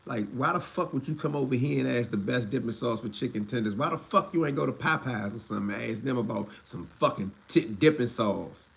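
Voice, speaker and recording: A young man rants on a livestream in a mid-pitched voice, blunt and full of street slang and swearing. His voice climbs higher and louder when he gets heated, then drops back down. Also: fairly quick, creaky, hardly any pauses. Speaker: livestream host. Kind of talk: ranting livestream commentary.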